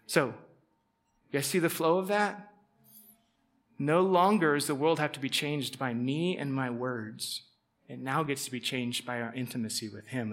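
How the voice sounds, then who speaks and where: A man's voice: mid-range voice, a bit bright. A man preaching a conversational sermon to a live gathering, joking with the audience and acting out people's inner thoughts. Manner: conversational, jokes with the audience, acts out inner voices. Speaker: pastor.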